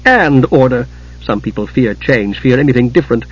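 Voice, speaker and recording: A man reading an audiobook, voicing a fiery, outspoken young woman innkeeper with a husky voice. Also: on the high side, fairly quick, muffled recording. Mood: indignant. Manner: bitter, indignant tirades.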